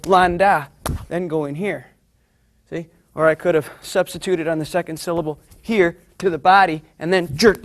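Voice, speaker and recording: A man with a slightly raised speaking pitch walks his students through a martial arts drill. He talks casually as he demonstrates, with plenty of "you know" and "see?", and keeps the explanation loose and practical. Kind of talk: demonstrating technique while explaining.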